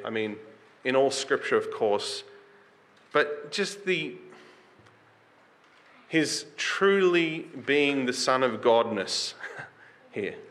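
Fairly high in pitch and sharp in tone, a man gives a sermon in a conversational manner. He questions his listeners and reads passages of scripture with rising emphasis.

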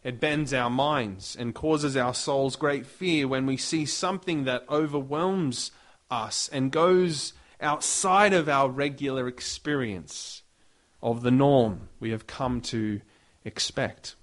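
A man's voice: mid-range voice, slow pace. A man preaching a sermon, reading scripture aloud with dramatic emphasis. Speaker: pastor.

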